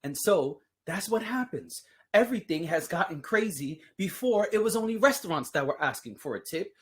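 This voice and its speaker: Podcast host, casual solo chat, playful, sarcastic asides, laughs a lot, mid-pitched voice. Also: expressive, normal speed, fairly bright tone. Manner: laughs often while talking.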